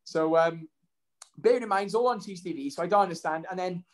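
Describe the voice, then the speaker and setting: A man's voice: sits high, fast. A man, telling a story casually as an interview guest, rambling with many ums and restarts. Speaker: guest, professional fighter.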